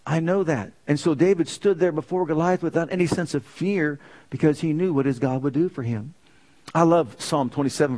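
Emphatic preacher with a higher voice. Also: male voice, a little mellow. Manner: leads the congregation in call-and-response, drawn-out emphatic phrases. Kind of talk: sermon.

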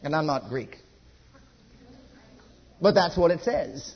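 A man preaching a sermon at a church service. He repeats his exhortations emphatically and drops to a hush. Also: on the high side, animated, slow, slightly rough, lo-fi sound.

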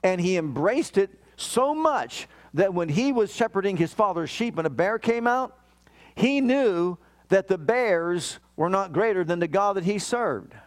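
A middle-aged man preaches a sermon in a voice pitched high for a man. He reads scripture aloud with emphasis and moves easily into stories about his own family. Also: lively intonation, measured pace. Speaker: pastor.

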